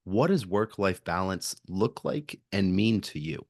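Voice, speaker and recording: A man hosting a podcast, asking his guest questions in a relaxed, casual way. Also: low voice, unhurried, no room sound, studio quality. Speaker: podcast host. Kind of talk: casual interview chat.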